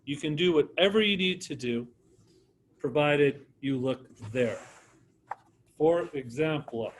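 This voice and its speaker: A man with a slightly raised pitch leads an art lesson. He talks to the class in a loose, encouraging way and calls on students by name. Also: slow pace, slight background noise. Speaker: art teacher. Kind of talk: classroom teaching.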